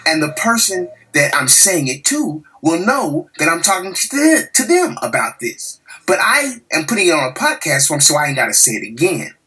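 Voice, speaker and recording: A man's voice: fairly high pitch, sing-song, moderate pace, few pauses, bright, forceful tone, soft background music, low-quality recording. An angry man delivering a heated, profane podcast monologue, repeating himself as he rants. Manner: heated, profane, repetitive ranting.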